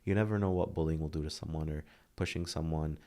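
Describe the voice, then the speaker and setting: A man in his thirties talks about hard times in an earnest, heartfelt way. His voice is very deep with a gravelly fry, and it often softens nearly to a whisper. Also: fairly even intonation, fast talker. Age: 30s. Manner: earnest, heartfelt, drops to a near whisper at tender moments. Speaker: podcast guest. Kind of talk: emotional interview talk.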